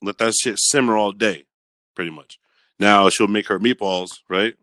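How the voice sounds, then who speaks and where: A man co-hosting a podcast in casual banter, animated and argumentative, explaining at length. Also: fairly low pitch, normal speed, dry recording. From New England. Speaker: podcast co-host.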